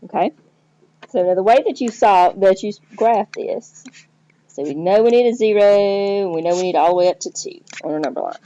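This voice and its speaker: A woman's voice: mid-range voice, normal speed, mellow. Patient woman teaching math, lo-fi sound. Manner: patient, step-by-step explaining with check-in questions. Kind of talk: recorded math lesson. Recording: dull lo-fi recording.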